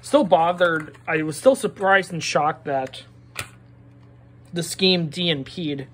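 A woman with a Pittsburgh accent giving a profane, exasperated product review, sliding from low muttering into loud outbursts. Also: takes it slowly, slight background noise. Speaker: diecast collector reviewer.

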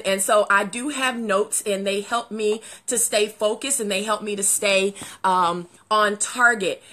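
High, bright excited woman live-streaming. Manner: excited, greets viewers by name; bursts of loud, high exclamations. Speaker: host of a live video talk show. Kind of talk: casual live-stream talk.

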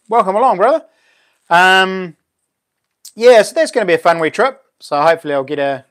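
A man with a New Zealand accent hosting a casual live stream, chatting with viewers and reading out their comments in a laid-back, friendly way. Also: high voice.

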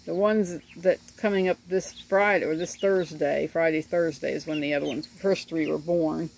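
A woman's voice: deep voice, fairly even intonation, moderate pace, gravelly, a little mellow. A middle-aged woman chatting in a rambling, casual way while filming her ducklings outdoors on a handheld phone, often laughing as she talks. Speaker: homesteader vlogger. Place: outdoors in a yard by animal pens. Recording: faint outdoor noise with birds. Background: ducklings chirping and outdoor ambience.

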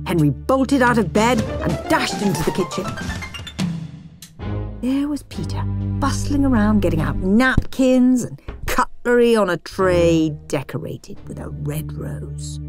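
A woman reading a children's bedtime story aloud in an expressive storyteller manner. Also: medium pitch, unhurried, over music.

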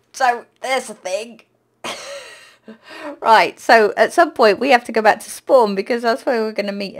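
Chatty woman narrating gameplay, slow. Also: a little high. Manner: chatty, talks to the game mobs, panics loudly with repeated exclamations. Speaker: gaming YouTuber. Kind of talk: casual gameplay commentary.

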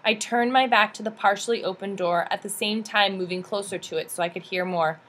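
A woman reading a memoir aloud, telling the story in a steady, earnest way. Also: medium pitch, fairly quick. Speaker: audiobook reader.

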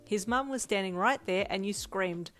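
A woman reading a second-person fanfiction story aloud in an even storytelling manner. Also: mid-range voice, moderate pace, soft background music. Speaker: fanfic reader.

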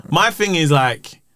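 Man, bright voice, swooping animated delivery, casual podcast storytelling. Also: on the high side, a little hiss or hum. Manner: animated storytelling, slang-heavy, laughs through stories. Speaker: podcast guest, comedian. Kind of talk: casual chat.

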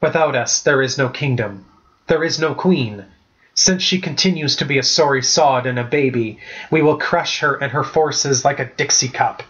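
A man reading as a sassy rebel girl leader, rude and defiant as she stands up to authority. Her voice sits at an ordinary middle pitch. It comes through a slightly dull, lo-fi recording. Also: moderate pace, fairly bright tone, close to an everyday voice.

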